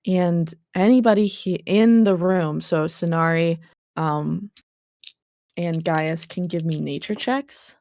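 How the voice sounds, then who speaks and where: Low-voiced woman game master, dry close sound. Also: vocal fry, darkish tone, dry recording. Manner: vivid descriptive narration, calling for dice checks. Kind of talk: narrating a tabletop role-playing game.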